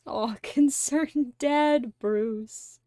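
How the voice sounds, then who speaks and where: Brief: woman streamer, a touch high-pitched, chatting with chat, laughing and swearing, dry close mic. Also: extremely slow, no echo. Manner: giggly, swears freely, excitable fan gushing. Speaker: streamer host. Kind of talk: casual livestream chat with viewers.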